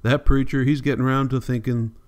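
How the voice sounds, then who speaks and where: A man's voice: mid-range voice, little pitch movement, fairly quick, close to an everyday voice. A man reading the part of a tired, stern migrant mother in an audiobook, weary and firm.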